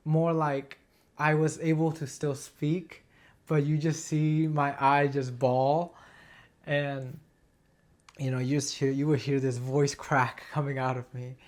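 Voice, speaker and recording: A man, an acting student, sharing a personal memory in class, halting and hesitant with many restarts. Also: a little high, level tone.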